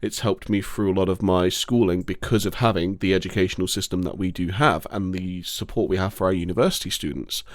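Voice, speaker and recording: A man's voice: sits low, fairly quick, hardly any pauses, no room sound, studio quality. A man from England, co-hosting a casual podcast. He speaks earnestly and opinionatedly, often restarting his sentences. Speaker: podcast co-host. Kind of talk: casual chat.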